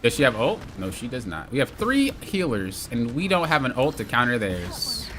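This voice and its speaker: A man's voice: medium pitch, very animated, moderate pace, a bit bright, a little hiss or hum. A young man giving live gameplay commentary, teasing and complaining in mock exasperation at his teammates. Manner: exasperated, playful trash talk to teammates. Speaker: streamer playing a hero shooter.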